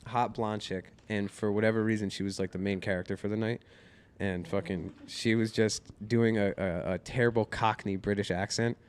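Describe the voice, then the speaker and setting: A man's voice: fairly low pitch, normal speed, a little hiss or hum. A man hosting a comedy podcast, telling a rowdy story in casual chat and acting out the quotes with laughter. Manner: animated, laughing storyteller who acts out quotes. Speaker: podcast host.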